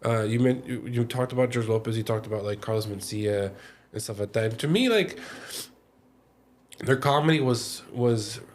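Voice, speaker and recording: A man's voice: mid-range voice, slight background noise. Easygoing male podcast host, stop-start speech. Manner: halting, repeats words as he restarts. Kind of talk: casual podcast interview. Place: podcast studio.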